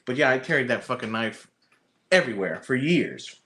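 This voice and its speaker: A man in casual podcast conversation, spinning a long, rambling anecdote laced with profanity. His voice is bright and forceful, and he keeps restarting sentences as he goes. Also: mid-range voice, very animated, normal speed. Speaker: podcast host. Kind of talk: casual chat.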